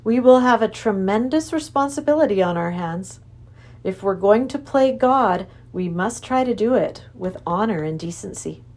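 A woman's voice: mid-range voice, expressive, normal speed, a little mellow, close to an everyday voice. An earnest, thoughtful young boy choosing his words with care, as a woman reads him aloud. His tone lifts and dips a lot as he makes his point.

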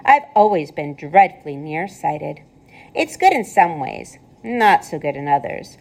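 A woman voicing a pleasant, clever female spider with a thin voice, calm and matter-of-fact in a storybook read-aloud. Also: low voice, a little slow, heavily acted. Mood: calmly explaining.

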